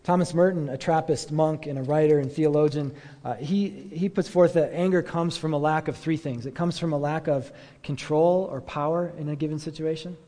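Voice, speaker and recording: A pastor gives a relaxed, conversational sermon, with a lot of "like" and "um" and questions put to his listeners. His voice sits a little high for a man. A long reverb trails after each phrase, as if he were speaking in a big hall. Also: moderate pace. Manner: casual, many fillers, rhetorical questions.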